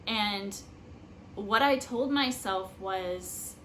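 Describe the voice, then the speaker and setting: Earnest young woman vlogger, slow rambling advice talk, faint room hiss behind. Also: mid-range voice, fairly bright tone, rough recording. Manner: earnest, rambling, many fillers like "like" and "um". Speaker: spiritual vlogger. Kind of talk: casual personal advice talk.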